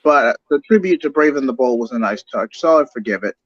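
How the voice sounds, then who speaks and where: A man's voice: mid-range voice, lively intonation, fairly quick, no room sound, highs cut off. A man co-hosting a podcast, casually discussing a comic-book film in an analytical way and arguing fine points. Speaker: podcast co-host.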